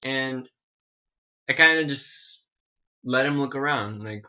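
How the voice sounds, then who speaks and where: A man tells a story to his vlog camera at home, rambling and animated and often restarting his sentences. His voice is bright and pointed. The recording sounds dull and lo-fi. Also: medium pitch, takes it slowly, slight background noise. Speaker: vlogger.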